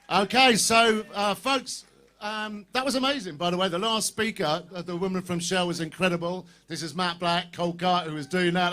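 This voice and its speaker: A man speaks at an outdoor rally in a fairly high, lively voice. He is animated and stirs the crowd with questions and calls. His talk is casual and a little rough-edged. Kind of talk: impassioned outdoor rally speech. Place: outdoor public square rally.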